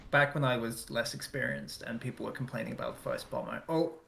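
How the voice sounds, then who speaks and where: A man co-commentating a strategy game match, chatting about the maps he made between quick play-by-play calls. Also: medium pitch, steady tone, gravelly, a bit bright, a little hiss or hum. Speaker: co-caster and map maker.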